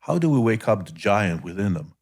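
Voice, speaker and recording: A man's voice: on the low side, sing-song, a little fast, a little mellow. Emphatic man hosting a podcast. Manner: emphatic, repeats key phrases for stress. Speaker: podcast host. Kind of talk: podcast interview.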